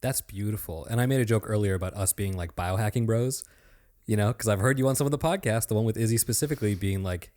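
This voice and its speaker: A man's voice: fairly low pitch, fast talker, a little mellow. A man appearing as a podcast guest, talking in an enthusiastic, chatty and complimentary way. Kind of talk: casual podcast conversation.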